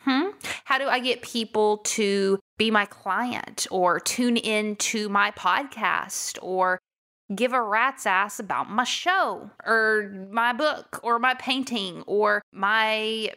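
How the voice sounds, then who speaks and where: Bright-voiced Texan woman podcast host. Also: on the high side. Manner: energetic and emphatic, talks straight to listeners. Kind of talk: casual solo podcast monologue.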